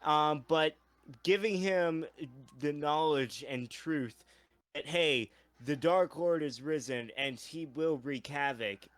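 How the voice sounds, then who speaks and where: A man co-hosting a casual chat about a roleplay story. He talks in a measured way, with slightly formal wording. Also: on the high side, a bit bright, dry recording. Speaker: co-host.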